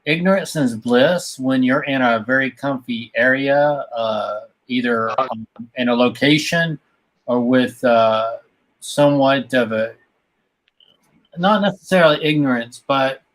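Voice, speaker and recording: A man on a livestream chat, thinking aloud with frequent pauses and fillers. His voice has a middle pitch. He speaks in a calmer, more measured way than the others. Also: poor audio. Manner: measured, hesitant, many fillers. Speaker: podcast co-host.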